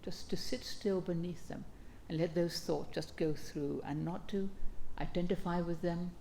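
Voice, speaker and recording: A woman, an abbess, giving a calm and gentle dharma talk, speaking in an unhurried way with reflective pauses. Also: lowish voice, gravelly, slight background noise.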